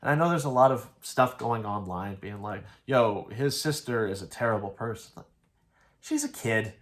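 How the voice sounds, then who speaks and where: A man's voice: lowish voice, lively intonation, normal speed, fairly bright tone. A man casually analyzing an anime episode, rambling through his retelling and peppering it with "like". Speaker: anime reviewer.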